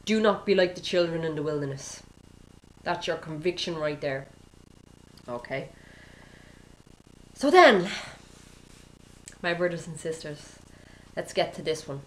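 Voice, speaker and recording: A woman's voice: deep voice, steady tone, normal speed, pauses often, slight background noise, poor audio. A woman preacher giving an informal sermon, peppering it with "you know" and "okay?" and acting out prayers. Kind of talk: conversational sermon.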